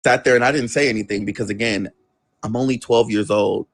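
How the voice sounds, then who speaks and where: A man's voice: on the low side, fairly quick, a little hiss or hum. A young adult man telling a personal family story as an interview guest. He acts out the voices of the people in it and swears casually. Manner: animated storyteller who acts out the people he quotes.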